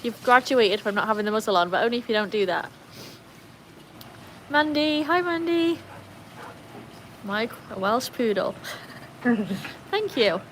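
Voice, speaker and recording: A British woman hosting a casual livestream by her backyard pool, chatting and laughing often, cooing at her dogs in a high voice. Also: moderate pace, fairly bright tone, slight background noise. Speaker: livestream host.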